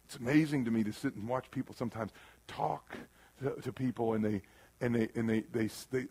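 A pastor with a medium-pitched voice preaches in a church room. He moves between loud bursts and quiet, earnest passages, acting out the voices of those he quotes.

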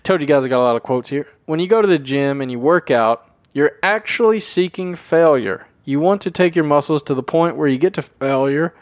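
A man's voice: a little high, a little fast, no room sound. A man hosting his own show, talking off the cuff in a rambling, self-deprecating and emphatic way. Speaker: podcast host. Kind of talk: unscripted solo talk.

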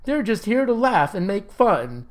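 A man's voice: high-pitched, sing-song, unhurried, a little mellow. A man voicing a petulant, whiny young ex-convict who stammers when indignant. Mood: panicked whining.

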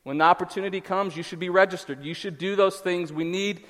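A man preaching a conversational sermon as a pastor, acting out quick quotes as he goes. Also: high voice, steady tone, fairly bright tone. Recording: reverberant hall.

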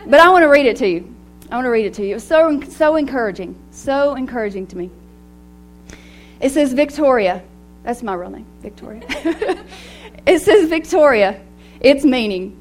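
A middle-aged woman speaking to a women's gathering in a personal, animated way, laughing often as she talks. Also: high voice, moderate pace. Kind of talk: devotional talk to women.

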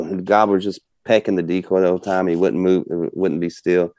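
A man's voice: low voice, flat delivery, brisk, a little mellow, no room sound. A man telling a rambling, folksy hunting story as a podcast guest. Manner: folksy, rambling, many fillers. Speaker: guest hunter. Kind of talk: casual storytelling.

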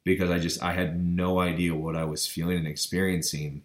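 A man's voice: low-pitched, flat delivery, brisk. A man earnestly retelling a personal experience, with frequent stammers and restarts, leaning on the word literally. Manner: keeps saying literally. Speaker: vlogger. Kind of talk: personal storytelling.

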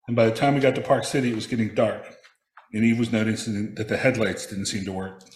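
A man's voice: lowish voice, steady tone, quick pace. Man telling a wry story in an echoey room. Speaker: speaker sharing a personal reflection. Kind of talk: prepared personal reflection read aloud.

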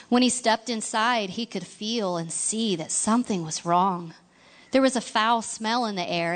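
A woman narrating a storybook in a gentle, expressive reading voice, now and then asking the listener questions. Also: mid-range voice.

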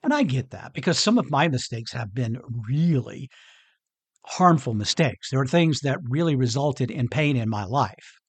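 A man's voice: medium pitch, lively intonation, moderate pace, breathy edge, no echo. A man hosting a motivational podcast on his own, talking earnestly and conversationally and chuckling often. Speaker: podcast host. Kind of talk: motivational solo podcast talk.

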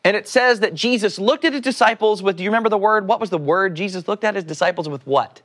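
A man's voice: high voice, fast talker. A man preaching a casual sermon, joking with his listeners, asking them questions and acting out the voices in the story. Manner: animated, joking, asks the audience questions; acts out quoted voices.

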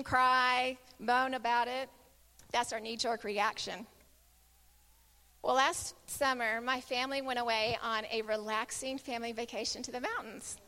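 In a large hall, a middle-aged woman with a fairly high voice gives a Christian sermon built around a personal story. She tells it animatedly, performing the voices of the people involved.

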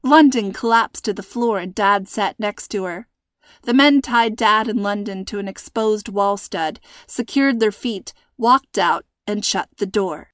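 A woman narrating a story in an expressive, tense reading. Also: medium pitch, measured pace, no room sound, clean studio sound.

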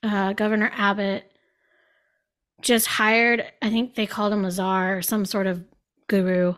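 A woman's voice: medium pitch, little pitch movement, unhurried, a bit bright. A woman co-hosting a casual political chat, conversational and wry. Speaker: podcast co-host.

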